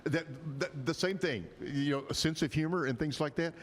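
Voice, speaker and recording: A man's voice: on the high side, normal speed, slight background noise. A man with a Texan accent hosting a casual live talk show, folksy and teasing with frequent laughs. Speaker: stand-in host. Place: outdoor backyard bar stage. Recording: long reverb.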